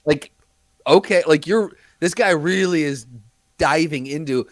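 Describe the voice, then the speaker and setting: A man's voice: on the high side, unhurried, no room sound. A man co-hosting a podcast in casual chat, musing and giving opinions with laughs and swearing. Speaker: podcast co-host.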